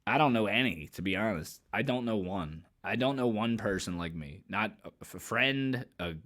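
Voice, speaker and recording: A man's voice: lowish voice, lively intonation, normal speed, fairly bright tone. A man giving blunt, emphatic commentary in a casual vlog, swearing freely and repeating phrases as he builds his point. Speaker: commentary vlogger.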